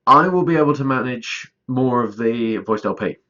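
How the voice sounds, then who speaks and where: A man's voice: medium pitch, lively intonation, normal speed, sharp tone. Rambling self-deprecating man, lo-fi. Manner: rambling, self-deprecating, stalls mid-sentence. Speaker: YouTuber directing a voiced let's play. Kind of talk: casual vlog update.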